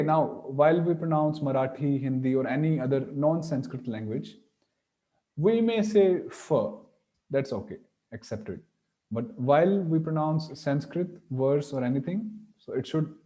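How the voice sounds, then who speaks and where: A man's voice: a little high, normal speed, warm tone, rough recording. A man teaching Sanskrit pronunciation, patiently sounding out each letter aloud. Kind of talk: online class explanation.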